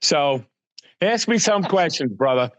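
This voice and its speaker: A man's voice: on the high side, lively intonation, a little slow, dry recording. A man guesting on a podcast, telling casual anecdotes and acting out the dialogue in them. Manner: acts out dialogue in stories, many fillers.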